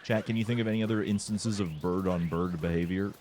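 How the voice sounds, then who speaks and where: A man commenting casually on his own speedrun, relaxed and joking as he talks to chat. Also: deep voice, fast, crowd noise. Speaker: speedrunner streamer. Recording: faint game music behind.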